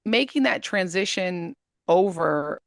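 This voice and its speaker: Interview guest: woman, 30s, low-pitched, animated storyteller who laughs easily, close dry mic. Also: slow, no room sound. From United States. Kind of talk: casual interview talk.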